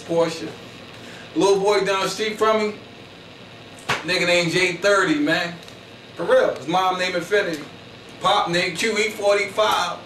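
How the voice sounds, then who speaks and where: A man's voice: high voice, a bit bright. Slangy man, echoey and distant. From Philadelphia. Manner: slangy, boastful, rambling with constant "you know what I'm saying". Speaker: comedian. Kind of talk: comedic storytelling monologue. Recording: echoey, distant mic with faint noise.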